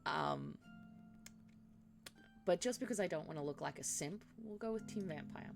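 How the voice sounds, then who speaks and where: A woman from Eastern Europe breaks from her role-play to chat bluntly and mock herself. Her voice is low and gravelly with vocal fry, and faint music hums underneath. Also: lively intonation, moderate pace, long pauses. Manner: blunt, self-mocking, swears freely. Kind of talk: casual chat.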